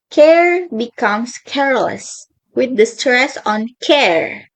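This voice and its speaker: A woman's voice: a little high, animated, slow, low-quality recording. A young woman reading out her class presentation on linguistics, carefully stressing each example word. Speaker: student presenter.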